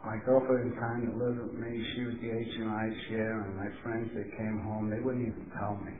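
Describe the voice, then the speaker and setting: A man's voice: on the low side, little pitch movement, brisk. A middle-aged man from New York giving a candid, rambling talk at a recovery meeting, blunt and profane, often laughing. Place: meeting hall. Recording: tinny, noisy, echoey old tape recording of a meeting hall.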